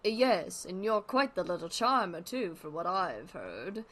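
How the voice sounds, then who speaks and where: A woman's voice: fairly low pitch, very animated, unhurried, fairly bright tone, exaggerated voice. Woman reading as an upbeat male TV interviewer, light and chipper. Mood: cheery. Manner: upbeat scripted hosting.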